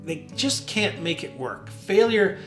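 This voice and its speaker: Man, worship leader, casual devotional chat, rambling, bright tone, echoey studio, faint guitar. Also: high voice, slow pace. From New Jersey. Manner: relaxed, rambling, with fillers. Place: home basement studio. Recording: roomy studio with soft guitar.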